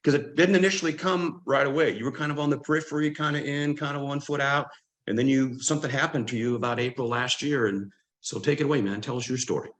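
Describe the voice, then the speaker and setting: A man from Louisiana, hosting a team call in a relaxed way, with many fillers and restarts. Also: medium pitch, fast talker, poor audio. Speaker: host.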